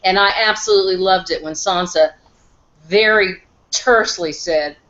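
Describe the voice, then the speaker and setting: A woman's voice: lowish voice, moderate pace, a bit bright, dull audio. A middle-aged woman chatting animatedly as a guest, addressing the others directly. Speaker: guest panelist, the host's mother. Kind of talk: casual discussion.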